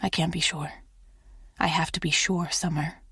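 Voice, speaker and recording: A woman's voice: low voice, fairly even intonation, moderate pace, pushed and bright, husky, no echo, heavily acted. A woman reading an audiobook, voicing a composed, wealthy boss who talks in a dry, bored drawl. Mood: tense.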